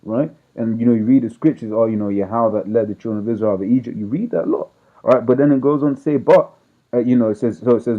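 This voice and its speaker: Rambling preacher on tinny audio. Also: male voice, fairly low pitch, racing. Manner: rambling, conversational, peppers speech with "right?". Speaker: street preacher. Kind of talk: casual scripture teaching.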